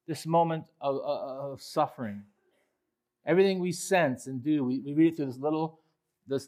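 A male pastor preaching a sermon, swinging from quiet reflection to loud, impassioned pleading. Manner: impassioned preaching, rising loud when voicing the psalmist; drops low and quiet on reflective points.

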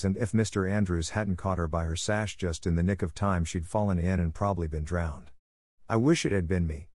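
A dramatic, wide-eyed orphan girl, read by a man, gushing and theatrical about every little thing. The voice stays low, with a dry, close storybook sound. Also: darkish tone, no room sound. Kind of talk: audiobook character reading.

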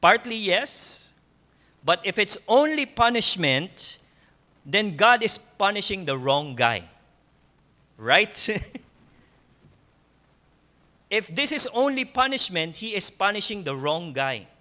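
Slow, emphatic Filipino pastor preaching. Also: male voice, high-pitched, very animated. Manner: slow, emphatic preaching with repetition and soft laughs. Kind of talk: sermon.

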